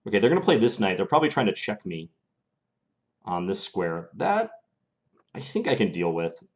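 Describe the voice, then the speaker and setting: A young man narrates his own chess games live, thinking aloud in an easy, analytical way. His voice sits a little low, and he speaks as if recording at a desk microphone. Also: very animated, normal speed. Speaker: chess streamer.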